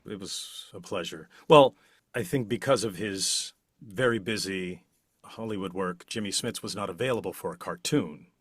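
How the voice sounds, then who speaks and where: A middle-aged man answering interview questions in an unhurried, expressive way, leaning hard on key words. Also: low-pitched, husky, no echo, clean studio sound. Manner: slow, expressive, with big swells on key words. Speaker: interview guest, voice actor.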